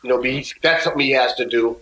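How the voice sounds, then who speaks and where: A man's voice: mid-range voice, rapid-fire, bright, forceful tone, reverberant, a little hiss or hum, low-quality recording. A man guesting on an interview, telling stories in a casual way and acting out the other people's lines. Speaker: musician guest.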